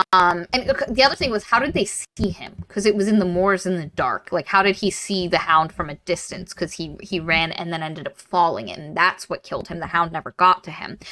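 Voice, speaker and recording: A woman hosting a casual book club podcast, retelling a novel with profanity and quick put-on character voices. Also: on the low side, rough recording. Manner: animated, profane, acts out characters in silly voices.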